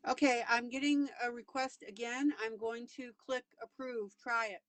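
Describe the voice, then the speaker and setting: A woman's voice: a little high, fairly even intonation, moderate pace, fairly bright tone, dry recording. A woman hosting a live online coloring broadcast, cheering and chatting casually with her viewers. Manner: enthusiastic, cheering, laughs often. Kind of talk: casual live-stream chat. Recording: noisy live-stream audio.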